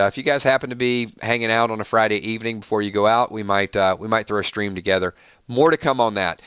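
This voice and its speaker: In an easy, chatty live stream, a man rattles off long lists of viewer names and thanks, one shout-out after another. His mid-range voice is bright and forceful with a smooth, crisp tone, recorded dry and close with no room echo.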